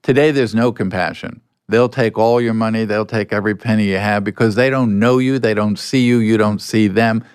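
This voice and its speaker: An older man speaks as a podcast guest, recorded close and dry. His voice sits low and smooth as he tells his anecdotes at an easy pace, now and then acting out the lines of people in the story. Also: fairly even intonation, brisk, hardly any pauses, dry recording.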